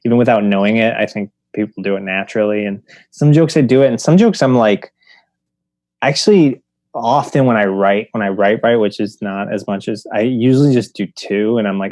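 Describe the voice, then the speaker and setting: Low-voiced, easygoing comedian guest. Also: male voice, brisk, a little mellow, no room sound. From Detroit, United States. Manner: easygoing, self-deprecating, hedging. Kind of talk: casual chat about comedy.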